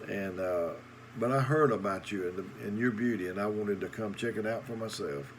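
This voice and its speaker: A man voicing Death as a calm, unhurried male visitor, during a sermon story. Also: on the low side, slight background noise, lightly acted. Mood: laid-back. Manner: casual, unhurried, matter-of-fact.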